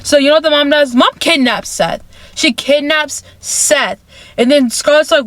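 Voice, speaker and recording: A woman vlogger with a somewhat high voice, talking through a movie plot in loose, chatty fashion. She repeats phrases and leans on filler words. The sound is dry and close. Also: moderate pace, fairly bright tone, dry recording. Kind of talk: casual movie recap.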